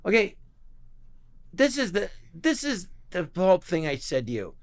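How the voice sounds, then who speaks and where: A man's voice: high voice, unhurried. A man, a guest comedian telling anecdotes in casual chat and acting out the voices of the people in his stories. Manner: animated storyteller acting out quoted voices.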